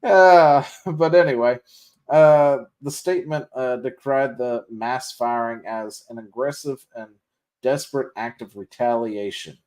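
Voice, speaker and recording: A man's voice: mid-range voice, measured pace, darkish tone. A man hosting a casual podcast, reading news aloud and mocking it with sarcasm, laughter and swearing. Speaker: podcast host.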